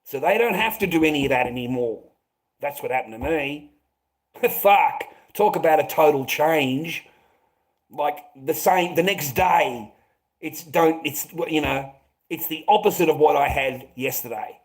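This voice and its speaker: A man's voice: a little high, unhurried. An Australian man hosting a livestream, giving blunt advice to viewers and swearing constantly while calling them mate. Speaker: livestream host. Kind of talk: casual livestream chat answering viewers.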